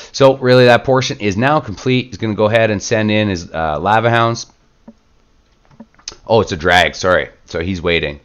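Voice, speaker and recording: Sick stuffy guy doing chill play-by-play, smooth lowish voice, kinda dull lo-fi sound. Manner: relaxed, chatty, lots of filler words. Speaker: gaming channel host. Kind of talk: casual play-by-play game commentary.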